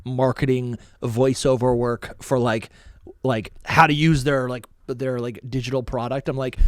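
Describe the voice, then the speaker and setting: A man co-hosting a casual podcast, talking in an animated, rambling way with many fillers. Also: medium pitch, a little slow, clear, resonant tone, dry recording, clean studio sound. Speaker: podcast co-host. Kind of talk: casual chat.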